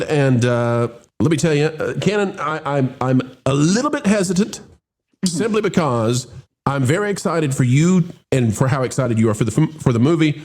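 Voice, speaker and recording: A man's voice: on the high side, big pitch swings, moderate pace. A man hosting a casual movie review chat, opening with showman-style greetings and rambling with restarts. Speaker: host.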